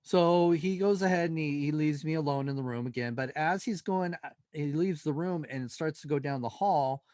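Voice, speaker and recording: A male paranormal investigator, a guest in an interview, telling a story in an animated way and acting out the dialogue. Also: on the high side, moderate pace, no echo, studio quality.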